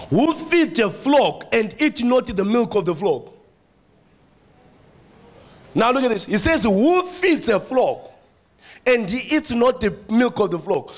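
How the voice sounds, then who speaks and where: Preaching in church, a man with a South African accent and a high-pitched voice delivers an animated sermon, repeating phrases and calling out to the congregation.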